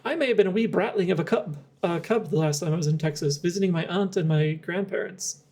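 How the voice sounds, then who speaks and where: Young adult streamer, chatty and rambling, soft mellow tone, mid-range pitch. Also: fast. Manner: rambling, giggly, thinks aloud with many fillers. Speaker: game streamer. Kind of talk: casual live-stream chat while playing.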